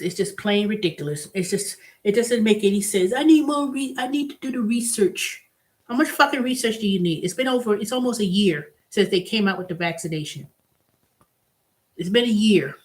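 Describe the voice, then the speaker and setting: A woman's voice: mid-range voice, moderate pace, pauses often. A woman hosting her own vlog, talking casually and bluntly with strong emphasis, moving from exasperation to delight. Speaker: vlog host. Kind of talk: casual solo rant.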